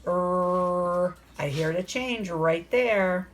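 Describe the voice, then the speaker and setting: A woman teaching a phonics lesson to young children, sounding out letters slowly and asking the class coaxing questions. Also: medium pitch, big pitch swings, a little hiss or hum. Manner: slow, sounds out letters and words.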